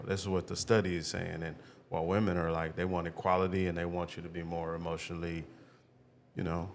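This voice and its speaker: A man co-hosting a podcast in casual chat, laid-back, his voice trailing off quietly at the end of phrases. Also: low-pitched, level tone, fast, slight background noise. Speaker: podcast co-host.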